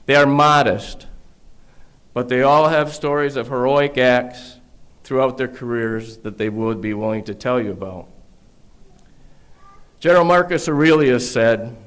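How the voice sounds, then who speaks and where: A man giving a ceremonial graduation address to a police academy class in a large room, speaking at a podium mic with earnest storytelling, emphatic repetition and wry asides. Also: mid-range voice. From Michigan, United States. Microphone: podium microphone.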